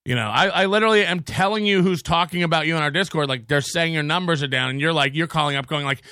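A man hosting a comedy podcast, ranting in a mocking, profane way and often breaking into shouts. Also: fairly high pitch, fast talker, clean tone, no room sound, clean studio sound. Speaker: podcast host.

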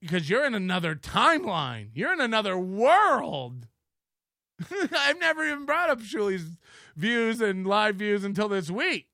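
A man's voice: sits high, big pitch swings, moderate pace, gravelly, sharp tone, dry recording, clean studio sound. A man hosting a live online show in casual commentary, profane and mocking, laughing often.

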